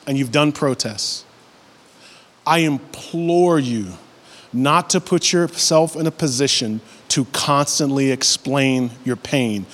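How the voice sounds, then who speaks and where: A man in his thirties preaching a sermon, who builds to high, animated passages and acts out voices in his stories. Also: long reverb tail. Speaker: pastor.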